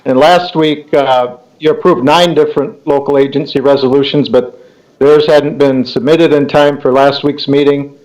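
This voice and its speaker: A man from a county department presenting an item to the board, formal and measured. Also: on the high side, fairly even intonation, a little mellow, poor audio. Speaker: highway department staff. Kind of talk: remote meeting presentation.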